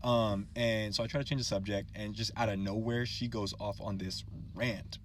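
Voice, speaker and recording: A man's voice: on the low side, steady tone, moderate pace, noisy background. A man casually telling a story with laughs, in a chatty way.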